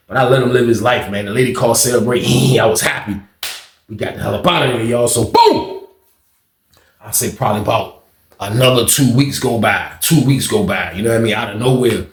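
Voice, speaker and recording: A man with a mid-range voice talks a little fast, narrating a story in a loose, slangy storytime style and often adding "you know what I mean." The recording has a roomy echo.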